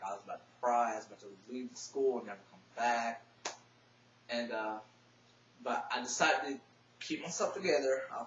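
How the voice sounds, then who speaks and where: A young man telling a personal story to his vlog audience, soft-spoken and emotional, teary at times. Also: medium pitch. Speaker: vlogger. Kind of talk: casual personal storytelling to camera. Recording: echoey, distant, dull webcam audio with faint hum.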